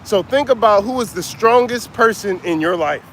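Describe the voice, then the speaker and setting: A middle-aged man speaks in a high, breathless voice while coaching viewers on a livestream. He is outdoors beside a street, and faint traffic hums behind him. His talk is casual and unhurried, and he greets viewers by name as he goes. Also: expressive, fairly bright tone. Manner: casual, reads out viewer names. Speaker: motivational coach.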